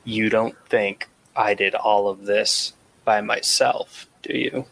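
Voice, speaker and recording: A man's voice: lowish voice, steady tone, slow, creaky, a bit bright. A man playing a tabletop game, talking in a blunt, wry way. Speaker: player. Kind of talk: casual tabletop game chat.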